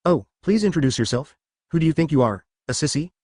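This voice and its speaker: A man's voice: fairly high pitch, expressive, fast talker, a little mellow, dry recording, studio quality. A man reading the lines of a brash, boastful newcomer who tells crude jokes in a group chat.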